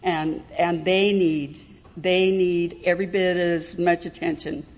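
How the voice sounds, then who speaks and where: A woman's voice: on the low side, level tone, slow, a little mellow. Middle-aged woman, frank and self-mocking meeting speaker, dull recording with long hall reverb. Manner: candid, wry, self-deprecating, laughs often. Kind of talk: personal testimony talk.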